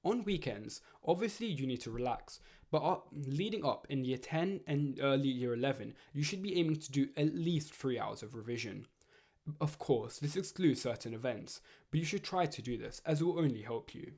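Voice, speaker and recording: A teenage boy, reading out study advice in a steady, earnest, scripted way. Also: medium pitch, normal speed. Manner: earnest, steady, read-aloud delivery. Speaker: student giving study advice. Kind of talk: scripted educational narration.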